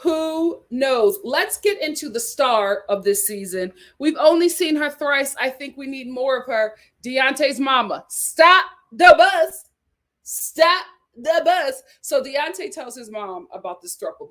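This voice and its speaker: A woman hosting a reality TV recap, talking in a lively, gossipy way with sudden exclamations and laughter. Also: fairly high pitch. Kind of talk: casual recap chat.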